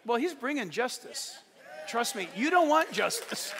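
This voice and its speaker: A male pastor preaching a sermon with emphatic storytelling, shifting between loud declarations and hushed asides. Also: extremely high pitch, very animated, measured pace, a crowd in the background, background noise. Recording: long reverb in a large hall.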